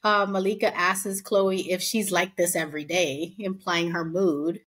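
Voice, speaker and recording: A woman co-hosting a casual podcast, recapping a reality show and acting out quotes in lively voices. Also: lowish voice, measured pace, breathy edge. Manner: chatty, acts out quotes in animated voices. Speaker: podcast co-host.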